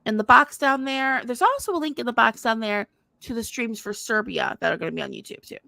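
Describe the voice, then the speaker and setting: A woman co-hosts a casual livestream in a bright, gravelly voice that sits a bit high. She rambles cheerfully, apologizes as she goes and laughs easily, and the sound is close and dry. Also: expressive, a little fast, no echo. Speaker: livestream co-host.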